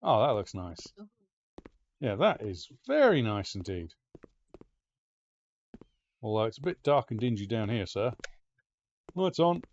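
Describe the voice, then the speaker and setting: Male streamer for gameplay commentary: excitable, swears, pitch swinging wildly, slow delivery. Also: lo-fi sound. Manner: excitable, swears and talks to the game's pets. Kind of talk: let's-play gameplay commentary.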